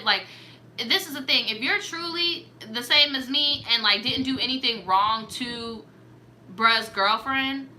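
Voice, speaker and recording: A young woman hosting a casual storytime show, giving blunt, profane advice with animated reactions. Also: fairly high pitch, slight background noise.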